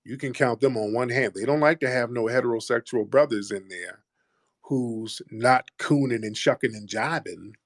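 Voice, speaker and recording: A man's voice: mid-range voice, moderate pace, no room sound, studio quality. A man hosting a live call-in show, talking in a blunt, preachy, confrontational way. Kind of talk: heated casual talk.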